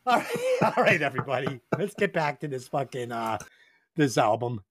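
A man's voice: mid-range voice, a little slow, pauses often, dry recording, studio quality. A man hosting a podcast, telling crude stories with heavy swearing and reviewing an album. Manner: profane, animated storytelling. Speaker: podcast host.

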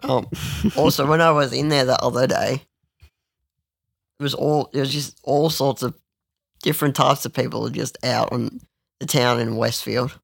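Young man, crude and rambling storyteller; gravelly, dry close recording. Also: medium pitch, fairly even intonation, normal speed, pauses often, dry recording. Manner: rambling, crude, with lots of restarts. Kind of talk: casual storytelling chat.

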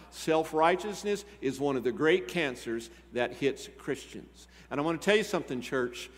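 A man's voice: a little high, fairly bright tone. A man who is a pastor, preaching a sermon in a conversational way and asking his congregation questions. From Texas. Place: church sanctuary. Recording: church hall reverb.

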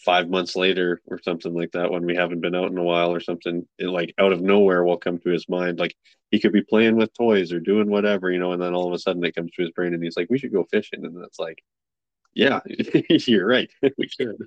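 Deep, flat-voiced young man hosting. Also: fast, no room sound, dull audio. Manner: relaxed, many fillers, affirming. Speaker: podcast host. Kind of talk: casual chat.

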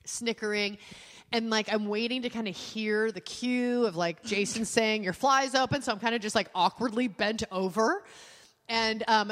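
A woman co-hosting a podcast, telling a story in casual chat, animated and laughing as she acts out voices. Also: medium pitch, big-room sound. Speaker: podcast co-host.

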